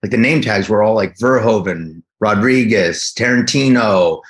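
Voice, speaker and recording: Animated middle-aged man telling stories. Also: lowish voice, moderate pace. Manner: animated storytelling, acts out quotes; rambling with many restarts. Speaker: guest actor. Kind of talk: casual interview chat.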